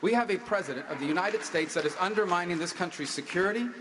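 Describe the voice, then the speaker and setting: Man, debate candidate, quick forceful delivery, repetitive rhetoric, long hall reverb. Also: high-pitched, background noise. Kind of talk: political debate speech. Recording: live on stage in large reverberant hall.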